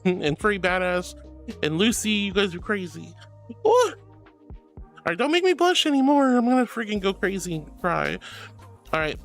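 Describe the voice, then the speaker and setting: A woman streaming as a VTuber, casually reading chat with bubbly, affectionate warmth, calling viewers sweetie and honey. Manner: playful, swings between squeaky highs and low mutters.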